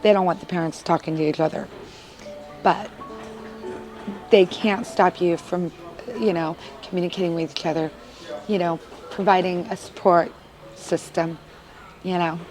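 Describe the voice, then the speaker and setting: A woman's voice: lowish voice, steady tone, moderate pace, pauses often, music in the background, rough recording. A woman, a mother of three boys, giving an earnest, emotional interview testimonial with frequent filler words.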